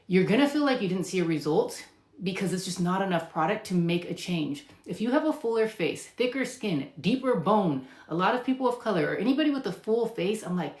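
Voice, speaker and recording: This woman nurse practitioner has a slightly mellow, mid-range voice as she responds to viewers during a casual live session. She's forceful and talkative, leans on filler words, and performs her patients' lines, all in a room with echo.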